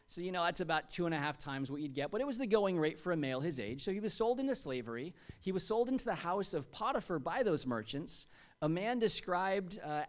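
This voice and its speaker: A fairly high-voiced American man, around his thirties, delivers a sermon in church, keeping it conversational and jokey and quizzing the congregation with questions.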